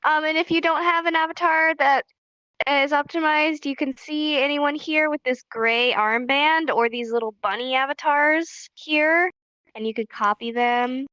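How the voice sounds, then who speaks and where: A woman's voice: high-pitched, fairly even intonation, a little slow, bright, forceful tone, dry recording. A woman sounding stuffed up from allergies, hosting a live virtual class and patiently giving casual instructions. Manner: friendly, patient, calls out names one by one. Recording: muffled lo-fi mic, dry.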